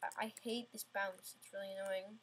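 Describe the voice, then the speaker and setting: A woman's voice: mid-range voice, steady tone, normal speed, fairly bright tone, slight background noise. A woman giving casual, self-mocking gameplay commentary, getting frustrated and talking back at the game. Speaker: gamer playing an obstacle course game.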